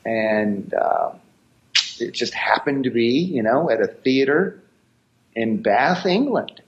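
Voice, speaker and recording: A man's voice: mid-range voice, animated, slow pace, a little hiss or hum. Man telling stories, dull lo-fi audio. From United States. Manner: rambling anecdotes with many restarts. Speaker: guest, martial arts actor. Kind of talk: storytelling interview chat.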